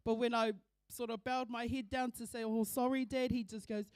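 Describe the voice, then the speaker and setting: A middle-aged New Zealand woman with a high, bright pitch shares heartfelt family memories at a church funeral. Her talk is warm and emotional, and she drops Māori words in as she goes. The sound is close and dry. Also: flat delivery, normal speed, clear, resonant tone, no room sound. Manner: warm, laughing through tears, mixes in Māori words. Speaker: eulogy speaker, daughter of the deceased. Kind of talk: emotional storytelling at a funeral service.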